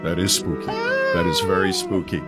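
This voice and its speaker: Animated male radio co-host telling a story. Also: sits low, normal speed, over loud music. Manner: animated storyteller, acts out quotes. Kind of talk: casual chat, storytelling.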